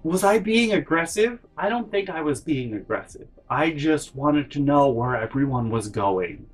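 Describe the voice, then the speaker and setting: A man voicing a lonely drunk man on a late-night train who asks slow, insistent, fake-deep questions. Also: breathy edge, faint music behind. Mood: hurt.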